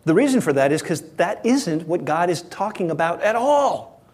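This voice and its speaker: A man's voice: sits high, big pitch swings, moderate pace, a little mellow, slightly rough. A man preaching a sermon as pastor, earnest and emphatic, often correcting himself mid-sentence.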